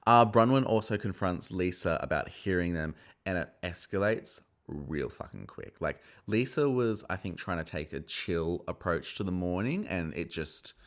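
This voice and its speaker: A low-voiced man recaps a reality episode, gossipy and quick to swear. His pitch jumps around a lot as he gets into the drama. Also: animated. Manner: gossipy, sweary, acts out quotes. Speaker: TV recap host. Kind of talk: casual episode review.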